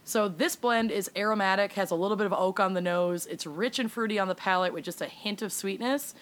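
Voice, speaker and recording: Woman, podcast co-host, chatty, swears, mid pitch. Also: a little fast. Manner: chatty, swears, laughs often. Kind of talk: casual podcast chat.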